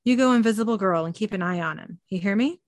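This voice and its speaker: A woman's voice: mid-range voice, quick pace, no echo, studio quality, close to an everyday voice. A woman reading out the lines of a brash, wisecracking young man in a plain reading voice. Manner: read aloud flatly from notes.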